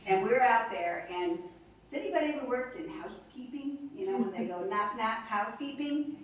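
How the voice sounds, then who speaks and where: A woman's voice: fairly high pitch, lively intonation, fairly quick, muffled recording, a little hiss or hum. A woman in her sixties telling a personal story to a gathering, chatty and laughing as she talks. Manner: chatty, laughs through the story, many "you know"s. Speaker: speaker at a memorial gathering. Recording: echoey hall, mic from far off.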